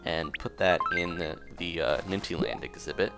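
A man giving relaxed, rambling commentary while playing a cozy video game, often restarting his sentences. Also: sits low, moderate pace. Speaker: gameplay commentator. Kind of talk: casual let's-play commentary. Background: game music.

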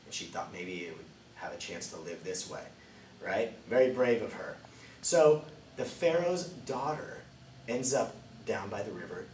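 Man telling a kids' Bible story. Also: fairly low pitch. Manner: lively storytelling, swings between loud and hushed. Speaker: children's ministry teacher. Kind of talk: Bible story lesson for kids. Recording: roomy, distant mic, faint ambient noise.

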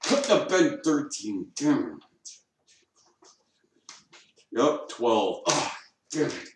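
A man's voice: medium pitch, very animated, very slow, recorded from a distance. A man rambling and swearing to himself at home, grumbling and talking to his dog. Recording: echoey room, off-mic, faint noise.

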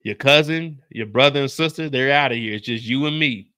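A man's voice: medium pitch, fairly quick, sharp tone, smooth, natural voice. Man doing a tough, threatening bride. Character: tough bride confronting her husband.

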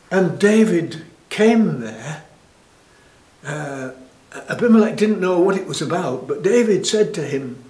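A man telling a Bible story to children in a lively, animated way, with frequent restarts. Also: on the high side. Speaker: church storyteller. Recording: echoey room.

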